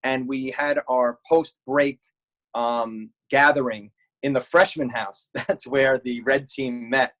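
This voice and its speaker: A man's voice: mid-range voice, fairly even intonation, slow, fairly bright tone, poor audio. A man in his forties, a camp alumnus, telling old stories in an interview with dry humor. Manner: wry, storytelling with humor. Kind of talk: reminiscing interview answers.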